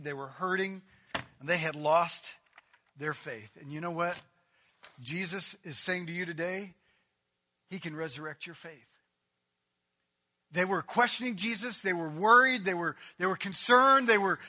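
A man preaching a sermon, reading scripture and acting out the people in it, swinging between loud outbursts and hushed, quiet lines. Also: high-pitched. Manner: dramatic, acts out voices, swings from shouting to hushed. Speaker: pastor.

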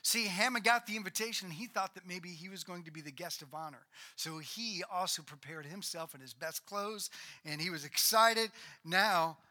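A man preaching, his voice high for a man and very bright and ringing. He tells the story with energy, acting out the characters as he goes. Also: moderate pace. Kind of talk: sermon.

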